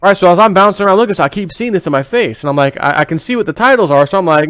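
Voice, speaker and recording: A man's voice: high voice, lively intonation, racing, hardly any pauses, fairly bright tone, clean tone, no room sound. American guy rambling on his vlog, repeats stuff, swears a bit, dry close sound. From United States. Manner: acts out inner voices with quotes. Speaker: vlogger. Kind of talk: casual opinion monologue.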